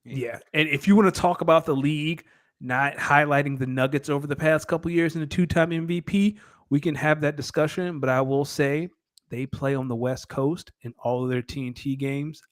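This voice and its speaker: Brief: fairly high-voiced man arguing his point on a podcast, emphatic and casual. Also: fairly even intonation, normal speed. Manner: emphatic, argumentative. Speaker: podcast co-host.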